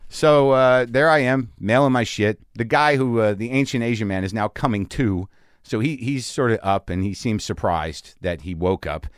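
A man hosting a podcast, telling a story in a casual, animated way and acting out the people in it. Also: medium pitch, moderate pace, smooth, no echo, clean studio sound. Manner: animated, acts out the people in his stories. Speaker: podcast host. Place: home garage studio.

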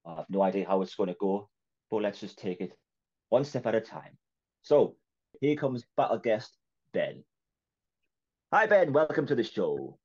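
A man's voice: lowish voice, lively intonation, normal speed, mellow, slightly rough, lo-fi sound. A man with a Geordie accent hosting a podcast, chatting casually, laughing often and acting out little quotes. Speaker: podcast host. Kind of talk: casual chat.

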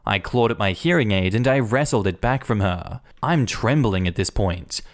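A man narrating online stories aloud in an even, conversational reading manner. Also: fairly low pitch, moderate pace. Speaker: story narrator.

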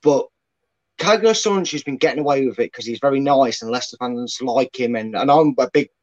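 A man's voice: mid-range voice, a little fast, darkish tone, highs cut off. A man giving strong opinions as a guest fan pundit, speaking from his bedroom. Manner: opinionated, dry. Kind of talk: casual chat.

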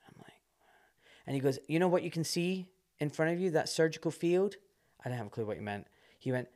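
A man, a surgeon guest telling a story in casual talk, animated and quick to laugh. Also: a little high.

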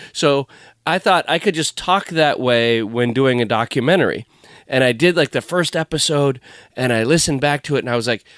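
A man's voice: mid-range voice, fairly bright tone, clean tone, no echo, studio quality. A man hosting a podcast in casual conversation, rambling and breaking off his own sentences. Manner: rambling, self-interrupting, chatty. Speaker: podcast host.

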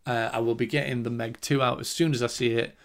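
A man's voice: mid-range voice, fairly even intonation, quick pace. A young man hosting a podcast, giving a casual film review in a chatty, rambling way, laughing often and swearing freely.

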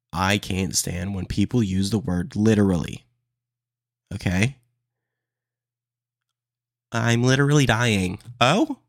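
A man hosting his own podcast, ranting in a casual, animated way and calling listeners "dude" and "man". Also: lowish voice, creaky, no echo, studio quality. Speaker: podcast host. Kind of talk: solo casual podcast rant.

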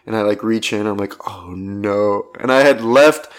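A man's voice: lowish voice, fairly quick. Rambling young man telling an anecdote. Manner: rambling, full of "like" fillers, laughing between lines. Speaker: storyteller.

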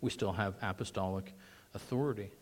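Animated male preacher, throat clearing. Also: lowish voice, brisk. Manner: animated, voice rising to mock sarcasm, frequent throat clearing. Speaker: pastor. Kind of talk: sermon.

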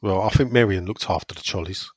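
A man's voice: sits low, fast, no echo. A man on a casual talk show, rambling through chatty local stories. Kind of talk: casual banter.

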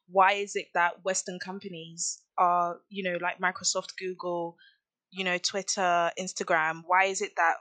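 A woman chatting casually as a podcast co-host, animated and quick to laugh. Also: on the low side, no room sound. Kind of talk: casual chat.

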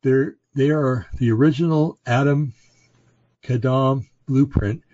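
A man hosting a podcast, reading scripture aloud and commenting on it in a halting way, with fillers and self-corrections. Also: mid-range voice, mellow, no room sound. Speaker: podcast host. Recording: dry, dull lo-fi recording.

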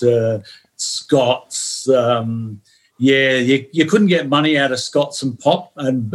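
An older man with an English accent, talking as a guest on a podcast. He tells stories in a relaxed, chatty way, often dropping in a quick "yeah" between thoughts. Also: on the high side. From England. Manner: storytelling, chatty, peppers talk with "yeah". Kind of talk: podcast interview.

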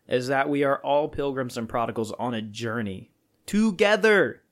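A man with a mid-range voice co-hosts a casual podcast. He jokes around and jumps in with quick remarks between his longer points. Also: mid-range voice, lively intonation. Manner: joking, quick interjections. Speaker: podcast co-host.

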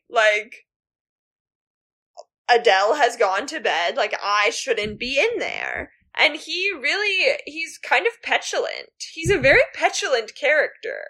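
A woman's voice: sits high, big pitch swings, unhurried, pushed and bright. A woman co-hosting a casual book podcast, chatty and full of 'like'. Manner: chatty, many fillers like 'like'. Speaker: podcast co-host.

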